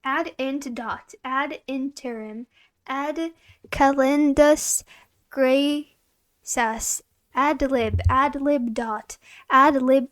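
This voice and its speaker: High-pitched woman reading dictionary words. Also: drawn-out words, dry recording. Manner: giggly, stumbles over hard words. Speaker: vtuber. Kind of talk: reading dictionary entries aloud.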